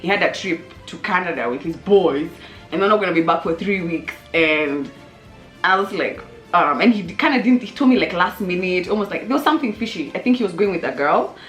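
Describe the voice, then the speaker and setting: A young woman and channel host telling a funny story casually to camera, animated and lively, jumping into high exclamations. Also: fairly quick. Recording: roomy echo with faint music.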